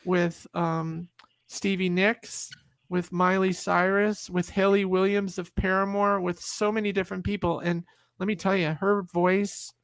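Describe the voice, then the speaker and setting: A woman's voice: mid-range voice, flat delivery, unhurried, dry recording. A middle-aged woman telling a story in casual group chat, acting out the quotes, with frequent restarts. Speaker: guest.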